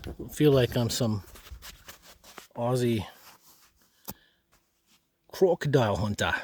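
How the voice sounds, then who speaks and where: Slow, easygoing man vlogging outdoors. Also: medium pitch. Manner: relaxed, rambling, talks to himself with quiet offhand asides. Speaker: solo camping vlogger. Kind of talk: casual outdoor vlog commentary. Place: outdoors by a marsh in a forest.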